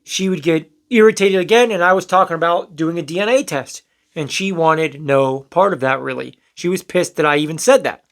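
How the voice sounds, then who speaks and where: Speaking at a moderate pace with a fairly high voice, a young man vlogs a story from his own life straight to camera. He rambles candidly, swears occasionally, and plays out what others said.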